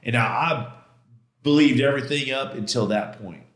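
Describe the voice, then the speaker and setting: Middle-aged male guest, animated storyteller, mid-pitched voice, echoey room sound. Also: normal speed. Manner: animated, acts out quoted voices, frequent "man". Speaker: podcast guest. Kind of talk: casual storytelling interview. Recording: roomy studio echo.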